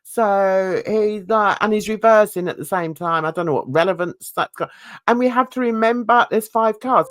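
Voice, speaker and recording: A woman's voice: mid-range voice, normal speed. A woman with a London accent gives chatty, giggly casual commentary while reading news aloud to her viewers. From London, England. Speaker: YouTube channel host.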